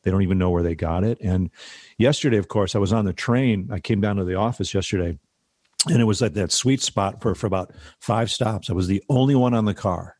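Rambling low-voiced man telling a story. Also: fairly quick, darkish tone, no echo, studio quality. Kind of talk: casual group chat.

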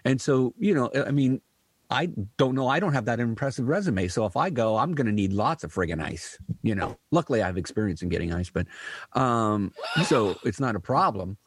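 A man's voice: mid-range voice, expressive, brisk, breathy edge, dry recording. A man co-hosting a casual podcast chat, rambling and joking with lots of "you know". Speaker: podcast co-host.

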